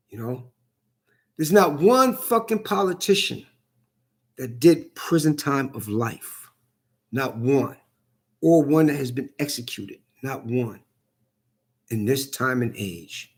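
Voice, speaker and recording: A man delivering a heated, profane monologue, repeating himself as he rants. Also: on the high side. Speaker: vlogger. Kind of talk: angry ranting monologue.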